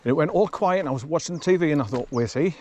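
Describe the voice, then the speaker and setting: A man's voice: fairly high pitch, fast talker, darkish tone, slight background noise. A man chatting casually while walking his dog along a forest track, rambling and chuckling often, recorded on a camera he carries. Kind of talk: casual walking vlog commentary.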